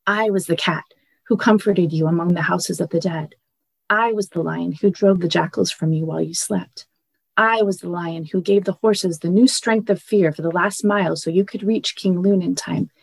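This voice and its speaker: A woman reading a quiet, solemn lion. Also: fairly low pitch, moderate pace, vocal fry, breathy edge, no room sound, low-quality recording. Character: vast, calm, deep-voiced male lion.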